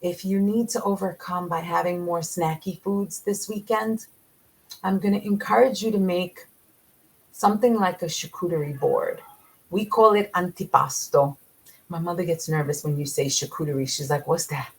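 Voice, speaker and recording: A woman chats to her viewers in a relaxed, encouraging vlog voice that sits on the low side. Her speech carries plenty of gravelly vocal fry. She talks in an animated way and laughs easily between her tips. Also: moderate pace. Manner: chatty and encouraging, addresses viewers directly. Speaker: vlogger sharing carnivore diet meal-prep tips. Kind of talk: casual talk to camera.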